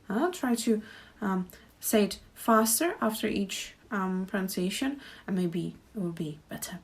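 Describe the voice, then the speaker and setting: Woman teaching pronunciation, talks slow and repeats stuff. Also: mid-range voice, expressive, breathy edge. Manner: slow, careful, repeats phrases for practice. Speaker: Czech language teacher. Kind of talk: pronunciation lesson.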